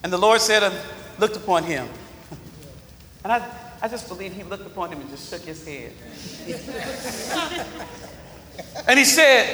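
A man preaching a sermon, emphatic and often shouting to the congregation, with a drawn-out, call-and-response delivery. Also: high-pitched, expressive, a little hiss or hum. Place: large church hall. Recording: echoey hall with long reverb.

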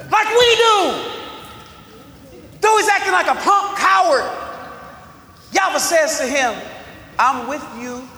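A man preaching a sermon, emphatic and often shouting to the congregation, with a drawn-out, call-and-response delivery. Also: extremely high pitch. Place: large church hall. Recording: echoey hall with long reverb.

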